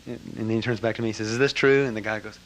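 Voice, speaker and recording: Older man with a low voice, telling a story. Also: lo-fi sound, slight background noise. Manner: reflective, halting, with lively acted-out quotes. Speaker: speaker recounting a spiritual teacher. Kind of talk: personal storytelling to a gathering.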